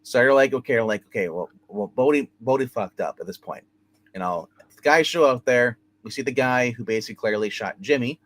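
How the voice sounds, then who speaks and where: A man casually recapping a TV episode, rambling and animated, acting out the characters' lines with plenty of swearing. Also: mid-range voice, fairly quick. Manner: rambling, animated retelling with acted quotes and swearing. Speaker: show host reviewing a TV episode.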